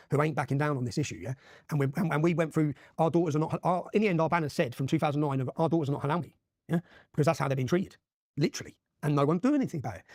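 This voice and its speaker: A man in his forties with an English accent, pouring out his account at a breakneck pace. His voice sits somewhat high for a man and stays emphatic throughout, with frequent "yeah?" tags. The sound is close and dry. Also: darkish tone, no echo. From England. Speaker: interview guest. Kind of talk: impassioned storytelling in a podcast interview.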